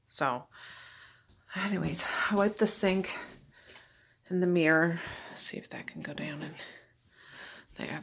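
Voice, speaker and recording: Woman, lowish voice, chatty home vlogger who talks through her chores. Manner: chatty, talking to herself while doing chores. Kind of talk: casual vlog narration. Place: at home indoors.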